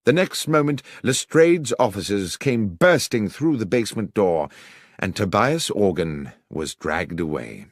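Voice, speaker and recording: A man reading a story in the first person as an audiobook, with expressive, dramatic delivery. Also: fairly low pitch, a little slow, no room sound, studio quality. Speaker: audiobook narrator.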